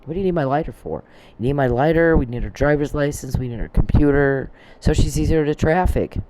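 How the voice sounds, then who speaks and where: Dark-voiced man on a profane rant. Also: a little high, a little fast. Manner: profane, accusatory, addresses people directly; storytelling with quoted back-and-forth. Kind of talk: rambling recorded rant.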